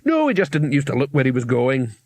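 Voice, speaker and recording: A man's voice: medium pitch, huge pitch swings, fast talker, a little mellow, no echo. A man voicing a friendly, chatty male troll who muses cheerfully and matter-of-factly. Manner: cheerful, matter-of-fact, musing. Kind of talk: audiobook character reading.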